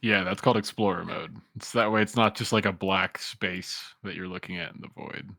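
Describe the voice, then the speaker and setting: A man's voice: low-pitched, steady tone, brisk, creaky, pushed and bright, dry recording, studio quality. A man running an online tabletop game as game master, explaining rules patiently with lots of filler words.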